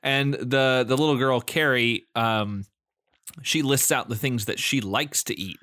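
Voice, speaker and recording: Bright-voiced man riffing on movies. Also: mid-range voice, measured pace, no room sound, clean studio sound. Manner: laughs often, riffs and speculates on plot details; recaps movie scenes with casual fillers. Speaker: podcast co-host. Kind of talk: casual chat.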